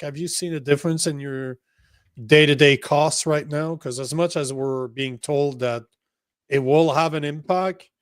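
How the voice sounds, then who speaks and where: A man's voice: on the high side, no echo. Blunt, profane man, dry sound. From Canada. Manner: blunt, profane and rambling, talks to live chat. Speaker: podcast co-host. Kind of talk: casual political chat show.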